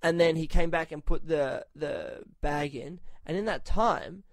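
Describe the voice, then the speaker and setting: A man's voice: on the high side, unhurried, gravelly, no echo. A man from Australia telling a story on a podcast in casual chat, swearing a lot and raising his voice when he quotes himself. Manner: profane, animated, shouts when quoting himself.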